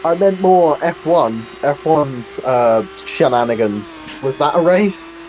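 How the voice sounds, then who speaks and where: A man's voice: fairly high pitch, lively intonation, takes it slowly, a crowd in the background, poor audio. A man co-commentating a sim race in a casual, teasing way, with some hesitant restarts.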